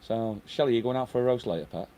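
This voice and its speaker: Fast-talking middle-aged man hosting a livestream. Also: medium pitch, very noisy. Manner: chatty, reads out viewer comments. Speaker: live stream host. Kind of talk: casual live stream chat.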